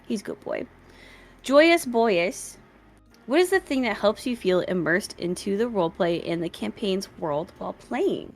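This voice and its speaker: A woman's voice: medium pitch, animated, measured pace. A woman chatting casually on a live stream about her tabletop game character and her cats, in a bubbly, rambling way.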